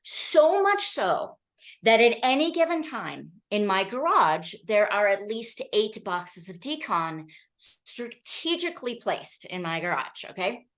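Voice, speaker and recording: A woman giving a training talk to an audience, telling stories in an animated way and often checking in with "okay?" and "right?". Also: medium pitch, a little slow. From Colorado.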